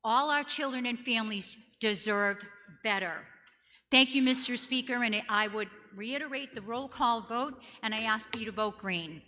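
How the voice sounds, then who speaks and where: Bright-voiced woman with a Boston accent. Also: on the high side, normal speed. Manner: earnest, emphatic, argues point by point. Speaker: state legislator. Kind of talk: prepared floor speech in a legislature. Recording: long reverb of a legislative chamber.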